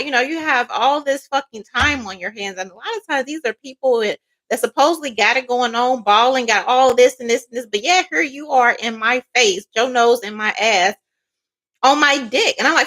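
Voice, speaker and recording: A woman tarot reader giving a blunt, profane, animated spiritual monologue in a casual way. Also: a little high, brisk.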